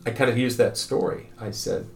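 An older man, a grandfather, telling stories in conversation, halting and repeating words, acting out the people in them. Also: medium pitch, fairly even intonation, vocal fry, a little mellow, reverberant. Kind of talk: conversational storytelling.

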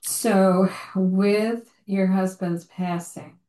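A woman host asks her guest questions in a gentle, curious way. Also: mid-range voice, fairly even intonation, very slow. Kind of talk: interview questions. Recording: roomy, distant mic.

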